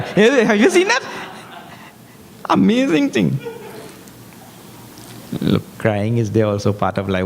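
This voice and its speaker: Guy giving a spiritual talk, jokey and lively, chants verses, gravelly voice, big echoey hall. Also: medium pitch, a little hiss or hum. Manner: animated, humorous, chants verses. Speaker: spiritual teacher. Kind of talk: scripture discourse. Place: large hall.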